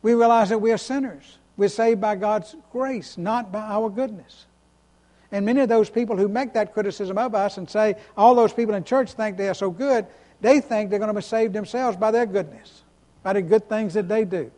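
High-voiced pastor preaching in a reverberant hall. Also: male voice, moderate pace, mellow. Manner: emphatic, repeats words, asks the congregation questions. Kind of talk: sermon.

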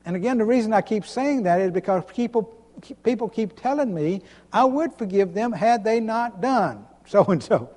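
A pastor preaching an emphatic sermon, repeating himself and chuckling between points. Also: male voice, sits high, expressive, normal speed, darkish tone. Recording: long hall reverb.

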